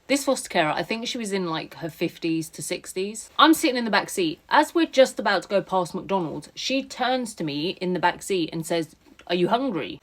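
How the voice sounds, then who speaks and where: A young woman tells a personal story straight to camera, earnest and confiding. Her voice sits a touch low for a woman, and she talks in an easy, conversational way. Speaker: storyteller recounting foster care.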